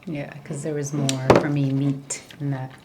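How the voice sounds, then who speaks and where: A woman's voice: extremely low pitch, flat delivery, unhurried, heavy background noise. A woman co-hosting a casual reality TV recap, laughing often and making dry quips. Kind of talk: casual recap chat over a meal.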